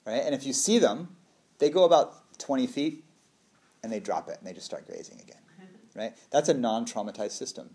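A man talking as a trauma therapist in a relaxed, conversational way, often checking in with the listener and playfully acting out little quoted voices. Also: mid-range voice, fairly quick. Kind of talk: casual explanatory talk.

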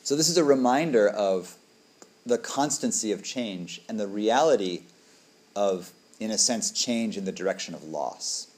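A man's voice: on the low side, expressive, a little slow, darkish tone. A man, a dharma teacher, giving a reflective, conversational talk to a group and often asking "right?".

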